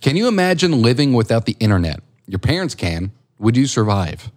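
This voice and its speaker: A young man chatting on a podcast, his pitch rising and falling as he rambles. He swears freely and jokes at his own expense. He breaks into laughs easily. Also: big pitch swings. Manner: rambling, profane, self-deprecating, quick to laugh. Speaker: podcast co-host. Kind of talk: casual chat.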